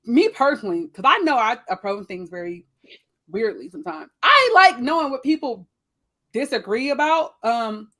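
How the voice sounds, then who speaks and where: A woman with features chatting casually on a panel, acting out what people say in lively voices. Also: on the high side, moderate pace. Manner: animated, quotes people in voices.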